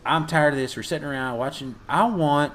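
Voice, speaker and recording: A man co-hosting a casual podcast, recapping a movie with profanity and acting out the characters' lines in loud, high voices. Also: brisk. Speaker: podcast co-host.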